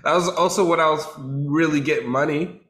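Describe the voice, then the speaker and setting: A woman's voice: sits low, a little fast. A woman co-hosting a casual podcast chat, laughing often and telling stories with animation. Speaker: podcast co-host.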